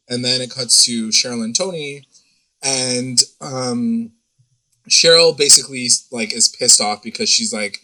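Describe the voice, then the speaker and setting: A man's voice: mid-range voice, moderate pace, sharp tone, rough recording. A man co-hosting a podcast, recapping an episode in rambling casual chat and swearing freely. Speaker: podcast co-host.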